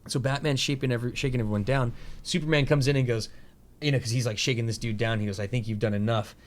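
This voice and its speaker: A male podcast host at a middling pitch who talks casually and at length. He rambles through animated retellings of scenes, peppering them with fillers, mild profanity and quick impressions.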